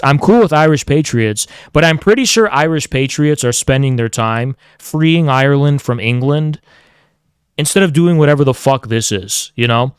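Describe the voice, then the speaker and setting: A man's voice: fairly high pitch, clear, resonant tone, no echo, studio quality. A man streaming heated commentary, sarcastic and profane, mocking the people he talks about.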